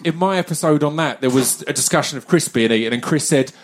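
A man's voice: fairly high pitch, fast talker, slight background noise. A man hosting a casual podcast, rambling and stopping to restart his sentences with lots of fillers. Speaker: podcast host.

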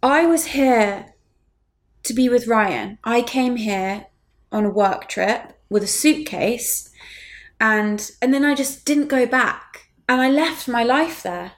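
A woman in her thirties, talking candidly and bluntly in a casual chat, swearing freely and rising in pitch as she heats up. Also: takes it slowly. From England.

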